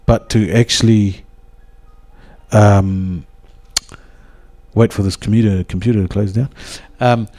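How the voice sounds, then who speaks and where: New man, low and warm, rambling devotional talk with lots of hesitations. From New Zealand. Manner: rambling, with many hesitations and restarts. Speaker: speaker at a church gathering.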